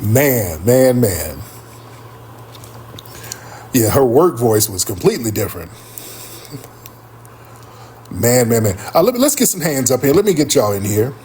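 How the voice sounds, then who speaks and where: A man hosting a live stream, telling a story casually and acting out other people's voices with big pitch jumps. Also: big pitch swings, unhurried, long pauses, dark tone, slight background noise. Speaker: livestream host.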